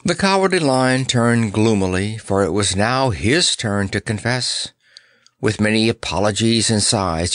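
A man narrating a children's storybook in an expressive, unhurried reading. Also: on the low side, dry recording, studio quality. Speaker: audiobook narrator.

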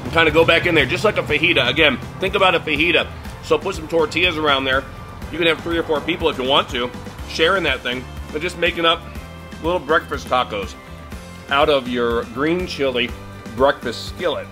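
Over music, a middle-aged man with a slightly high voice talks fairly quickly as he hosts a casual griddle cooking video. Set in his home garage, it's chatty, with lots of laughter.

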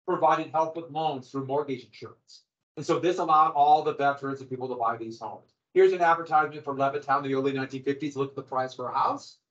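A middle-aged man gives a classroom lecture in a loose, conversational way, tossing in dry sarcastic asides. His voice sits slightly high. The recording is a little dull and lo-fi, as if captured in the room. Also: fairly bright tone. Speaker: high school history teacher.

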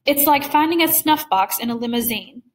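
A woman's voice: sits high, lively intonation, moderate pace, voice pushed up, rough recording. Woman reading as a suave, cruel aristocrat. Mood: condescending. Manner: smooth, genteel and mocking. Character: suave, cruel older male aristocrat hunter.

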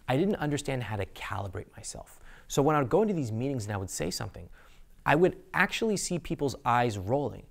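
A man hosting an instructional talk to camera in a studio, speaking expressively and deliberately slowing his delivery to make points. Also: medium pitch, big pitch swings, gravelly. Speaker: host.

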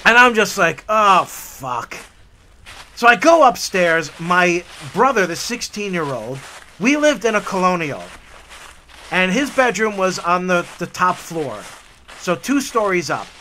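A man in casual, animated storytelling on a hike along a forest trail. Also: high voice, measured pace, slight background noise. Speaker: hiking vlogger.

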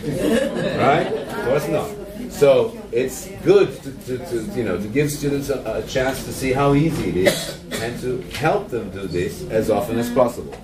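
A man with a Brazilian Portuguese accent gives a conference workshop to teachers. He speaks deliberately and acts out stressed words in slow, exaggerated examples. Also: medium pitch, expressive, crowd noise. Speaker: teacher trainer giving a conference talk. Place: conference hall with an audience. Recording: echoey hall from a distance with audience.

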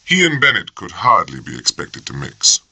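Deep, gravelly male audiobook narrator. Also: huge pitch swings, normal speed, pushed and bright, no room sound. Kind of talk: scripted narration.

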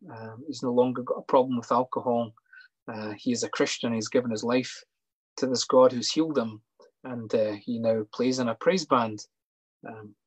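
A man shares a personal testimony in an earnest, halting way, full of small pauses and restarts. His voice has a slightly husky edge, recorded close and dry with no room sound. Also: medium pitch, no echo, low-quality recording. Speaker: sports psychologist.

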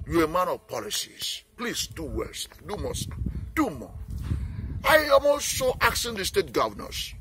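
Nigerian male campaigner, earnest and pleading, bright tense voice that swings widely. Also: fairly high pitch, slight background noise. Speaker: peace campaigner. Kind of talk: impassioned appeal speech.

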